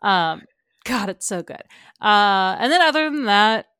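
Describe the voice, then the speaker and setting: A woman's voice: mid-range voice, lively intonation, fairly bright tone, smooth, no room sound, clean studio sound. A woman co-hosting a casual pop culture podcast, gushing and laughing easily as she recommends shows. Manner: bubbly, gushing, quick laughs. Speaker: podcast co-host.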